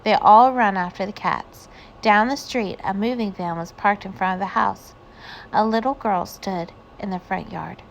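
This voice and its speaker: A woman reading a children's picture book aloud, with gentle storytelling. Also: mid-range voice, normal speed, gravelly, muffled recording, a little hiss or hum. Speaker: reader.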